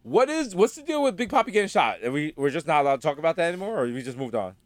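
A man co-hosting a podcast in casual chat, animated and jokey, rattling off nicknames. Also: a little high, racing, no room sound. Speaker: podcast co-host.

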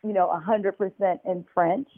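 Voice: medium pitch, fairly even intonation, moderate pace. An interview guest telling their story in casual, loose speech full of "like" and "you know". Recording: tinny phone-line audio.

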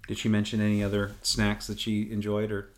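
A man's voice: fairly low pitch, monotone, a little fast. A man co-hosting a podcast, joking and hesitant with many ums in casual chat. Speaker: podcast co-host.

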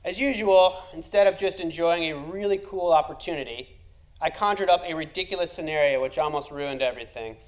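A man's voice: fairly high pitch, brisk, poor audio. A man telling a comic personal story, wry and self-deprecating, building to punchlines.

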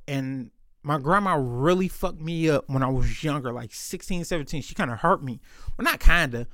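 A man's voice: on the high side, animated, normal speed, fairly bright tone, no echo, clean studio sound. A man telling stories in a casual monologue, talking candidly and swearing freely as he goes. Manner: candid, profane, and loose, with frequent swearing.

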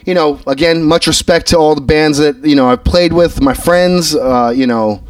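A man with a thick New York accent chats as an interview guest, circling back on his words and leaning on "you know" at every turn. His voice sits a little high, in a dry room, picked up from some distance off the mic. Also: normal speed, smooth, no echo. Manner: rambling, repeats words, many "you know"s. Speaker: guest musician. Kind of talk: casual interview chat.

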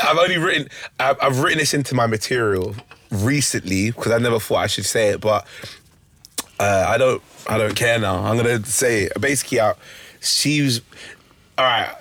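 A young man, a comedian guest on a podcast, telling animated stories and laughing often. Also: fairly low pitch. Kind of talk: casual podcast chat.

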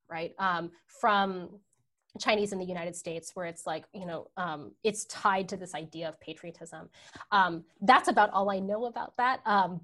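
A woman scholar answering audience questions in a talk, thinking aloud with many fillers and tag questions. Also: mid-range voice. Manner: hesitant, many ums and rights. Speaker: guest scholar. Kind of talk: academic Q&A answer.

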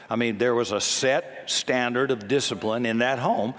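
A man's voice: mid-range voice, fairly even intonation, moderate pace, hardly any pauses. A man in his seventies preaching a sermon in a folksy, emphatic way, often acting out the voices he quotes. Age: 70s. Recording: long hall reverb.

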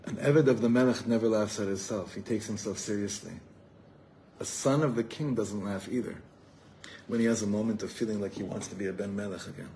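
A man's voice: on the low side, fairly even intonation, brisk, dark tone, slight background noise. A man telling a story in a sermon as a rabbi at an evening gathering, acting out the voices of the people in it.

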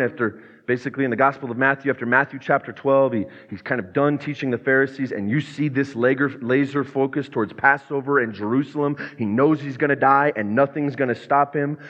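A man's voice: medium pitch, a bit bright. Male pastor, earnest sermon delivery, long reverb, dull muffled sound. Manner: earnest preaching with dramatized quotes. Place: church sanctuary.

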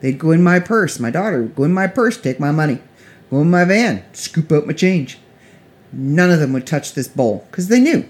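A woman's voice: sits low, darkish tone. Middle-aged woman, casual vlog storyteller, chatty and rambling, restarts often.

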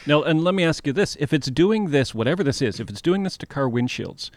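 A man's voice: fairly high pitch, lively intonation, a little fast, dry recording. Male podcast co-host telling a story, dry sound. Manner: storytelling, builds suspense with questions.

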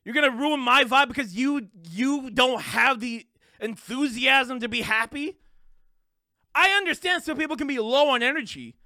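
A man hosting a live stream, ranting loudly and profanely in an unscripted, fired-up monologue. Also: very high-pitched, moderate pace, no room sound, studio quality. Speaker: streamer and podcast host.

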